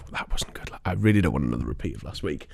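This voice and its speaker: A man's voice: very deep voice, very animated, a little fast, gravelly, darkish tone, no room sound, clean studio sound. A young man co-hosting a podcast, telling stories in a rambling way and laughing often. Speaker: podcast co-host. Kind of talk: casual chat.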